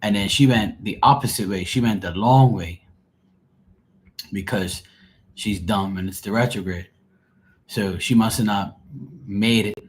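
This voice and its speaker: A man's voice: fairly low pitch, a little slow, pauses often, husky. A man hosting a casual live stream, rambling and exasperated and swearing freely. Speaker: live tarot reader.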